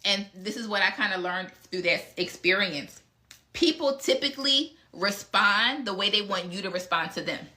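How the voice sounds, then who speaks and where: Woman host, frank and direct, bright forceful tone, live casual Q&A. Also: mid-range voice, lively intonation, normal speed. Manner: frank and blunt, with mild cursing. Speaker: speaker answering audience questions.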